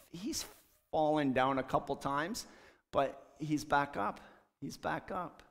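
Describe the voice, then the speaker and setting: A man earnestly telling a ministry story in church, acting out the dialogue as he goes. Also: mid-range voice. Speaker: street ministry leader. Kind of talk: testimony talk in church. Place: church sanctuary. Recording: long church hall reverb.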